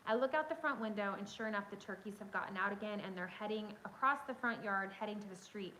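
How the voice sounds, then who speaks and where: A woman's voice: mid-range voice, quick pace, slight background noise, poor audio. Chatty woman streaming from her phone. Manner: chatty, excitable, addresses viewers directly. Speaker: livestream host. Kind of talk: casual storytelling chat.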